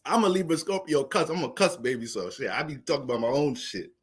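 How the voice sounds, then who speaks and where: A young man casually talking through an astrology livestream, profane and animated, laughing often. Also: mid-range voice, fast talker, breathy edge.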